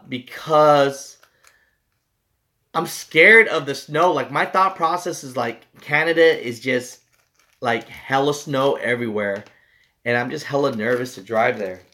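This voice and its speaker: Young man, truck driver, casual storytelling, rambling, swears a lot, filler-heavy, average pitch. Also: pushed and bright. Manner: rambling, profane, full of "like" and "you know". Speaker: truck driver and channel host.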